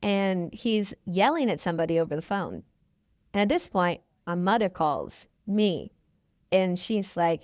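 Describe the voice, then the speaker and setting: A woman in her twenties, guesting on a podcast, tells her story in a casual, chatty way, acting out the people she quotes in their own voices. Her voice is on the low side and darkish, at a measured pace, with clean studio sound and no echo.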